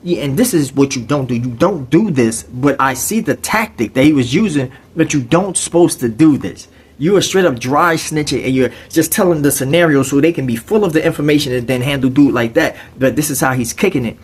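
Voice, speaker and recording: A man's voice: medium pitch, brisk, breathy edge. A man telling a story in casual, streetwise slang, with frequent conversational asides.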